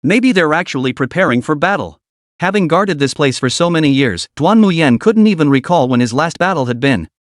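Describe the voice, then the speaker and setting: A man narrating a fantasy story in steady scripted narration. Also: a little fast, dry recording, studio quality. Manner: steady storytelling with animated pitch.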